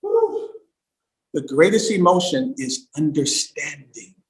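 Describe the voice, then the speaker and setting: A man giving an emphatic livestream talk as a storytelling coach, swinging from loud bursts to hushed asides. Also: on the high side, huge pitch swings, takes it slowly, reverberant, low-quality recording.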